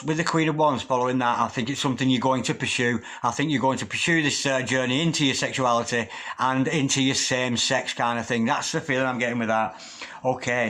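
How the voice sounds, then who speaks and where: A man's voice: mid-range voice, a bit bright. A man talking through a tarot card reading in a chatty way, stopping now and then to call on spirit guides. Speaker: tarot reader.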